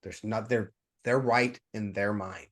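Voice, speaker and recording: A man's voice: fairly low pitch, steady tone, measured pace, fairly bright tone. A man guest on a coaching podcast, telling anecdotes, repeating words as he thinks and voicing the people in his stories. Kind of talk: conversational interview.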